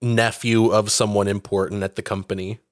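A man co-hosting a podcast, chatting casually with dry, offhand jokes and quick riffs. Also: fairly low pitch, little pitch movement, dry recording. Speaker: podcast co-host. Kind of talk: casual chat.

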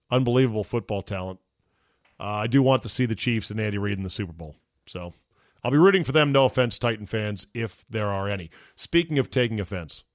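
A man's voice: medium pitch, a bit bright, dry recording, studio quality. A man hosting his own sports podcast, talking solo in wry, exasperated rants and mimicking other people's voices. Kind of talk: solo sports talk monologue.

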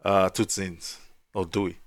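A man's voice: low-pitched, level tone, slow, dry recording, clean studio sound. A man hosting a podcast, chatting casually and laughing often with Aussie slang. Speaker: podcast host. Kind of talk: casual chat. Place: home, living abroad.

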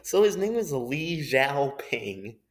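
A man's voice: mid-range voice, big pitch swings, takes it slowly. A man chatting casually as a podcast guest, laid-back and agreeable, with plenty of fillers. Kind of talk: casual chat.

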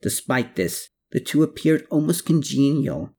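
A narrator reading a novel aloud with an expressive, animated delivery. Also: mid-range voice, measured pace, vocal fry, husky. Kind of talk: scripted audiobook narration.

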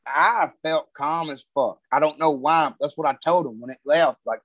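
A man's voice: on the high side, moderate pace, fairly bright tone, dry recording, low-quality recording. A man telling a story in casual, profane talk, full of Southern grammar and heavy cursing.

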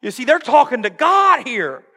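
A male pastor preaching a humorous, animated sermon and acting out voices, recorded in a church. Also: very high-pitched, normal speed, long reverb tail.

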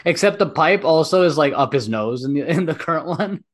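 Man, slightly high voice, repeats himself for emphasis, casual chat. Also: lively intonation, fairly quick. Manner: opinionated, emphatic, repeats points. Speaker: podcast host.

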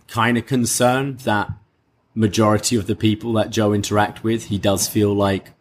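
A man's voice: lowish voice, flat delivery, normal speed, slight background noise. A young man co-hosting a casual podcast, making laid-back, dry remarks. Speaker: podcast co-host. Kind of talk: casual chat.

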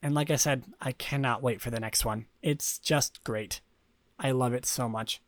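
A man's voice: mid-range voice, fairly even intonation, moderate pace, no echo. A young man hosting a casual solo podcast, rambling with many fillers and restarts. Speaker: podcast host.

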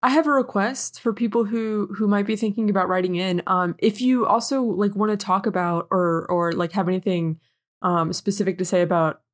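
A woman's voice: mid-range voice, fairly even intonation, normal speed. Chatty woman co-hosting a podcast. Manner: chatty, full of likes and ums, laughs easily. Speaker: podcast co-host. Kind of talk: casual podcast chat.

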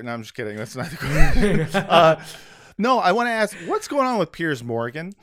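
A joking American man hosts a podcast interview, his speech loose and full of fillers. His voice sits slightly high and sounds crisp and smooth. The mic is close and dry. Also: big pitch swings, normal speed, fairly bright tone, dry recording. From United States. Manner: rambling, joking, heavy filler words. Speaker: podcast host.

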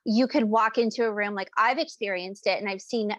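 A woman's voice: mid-range voice, fairly quick, a bit bright, dry recording. A woman co-hosting a casual talk about parenting, chatting freely and acting out little back-and-forth dialogues as she explains. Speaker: podcast co-host. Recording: dry, dull lo-fi sound.

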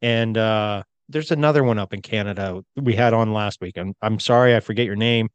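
A man's voice: fairly low pitch, fairly quick, clear, resonant tone, no echo, dull audio. A man co-hosting a podcast in a crude, rambling casual chat. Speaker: podcast co-host.

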